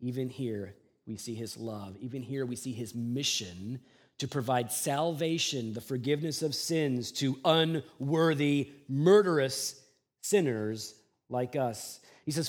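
A male pastor preaching a sermon, moving from hushed, quiet passages to loud, emphatic ones and acting out mocking voices from the scripture he reads. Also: mid-range voice, measured pace. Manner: acts out mocking voices while reading scripture.

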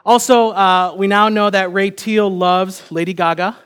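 High-voiced young pastor telling a story. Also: male voice, fairly even intonation, a little slow, fairly bright tone, clean tone. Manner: conversational, self-deprecating storytelling. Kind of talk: sermon with personal story.

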